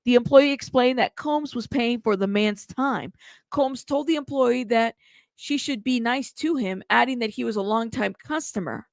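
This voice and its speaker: A woman's voice: a little high, moderate pace, vocal fry, dry recording, studio quality. A young woman hosting live news commentary, reading court updates aloud and reacting with laughs and asides. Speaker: host reading trial updates.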